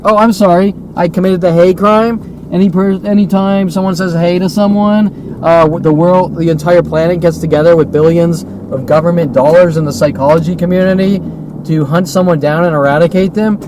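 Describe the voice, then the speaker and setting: A man's voice: high voice, steady tone, normal speed, background noise. A man delivering an agitated, profane, repetitive solo monologue from inside a car. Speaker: vlogger.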